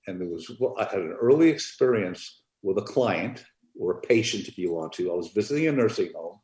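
A man, an author and music therapist, telling an animated story on a podcast and acting out the dialogue. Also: deep voice, a little fast, echoey room.

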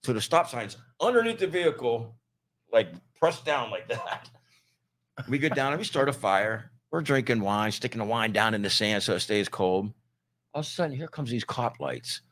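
A man's voice: mid-range voice, animated, moderate pace, fairly bright tone. A middle-aged man from Ohio telling a band road story in casual chat, easygoing and quoting people in dialogue. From Ohio, near Youngstown.

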